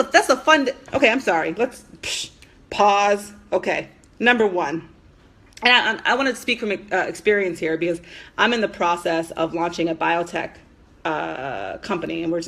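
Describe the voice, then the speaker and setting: A young adult woman talking to camera as a business coach, recounting conversations in a blunt, exasperated way. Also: mid-range voice. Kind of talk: casual talk to camera.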